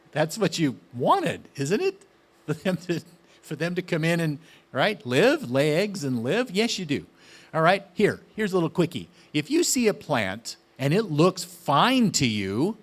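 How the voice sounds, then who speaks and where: A man's voice: on the high side, very animated, a little slow. A man giving a casual, enthusiastic gardening talk, often asking his listeners questions. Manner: chatty, enthusiastic, asks the audience questions. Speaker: gardening speaker.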